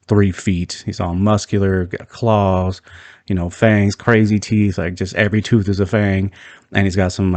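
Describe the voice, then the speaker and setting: A man's voice: deep voice, a little mellow, no echo. A man hosting a casual video review, talking loosely with many fillers and restarts. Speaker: video host reviewing a movie trailer.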